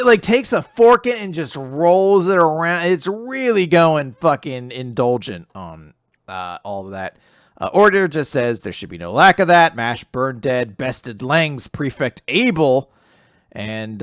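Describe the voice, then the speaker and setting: A man's voice: medium pitch, animated, measured pace, no echo, clean studio sound. A man casually recapping comics, swearing freely and acting out quotes in goofy voices. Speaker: podcast co-host recapping manga.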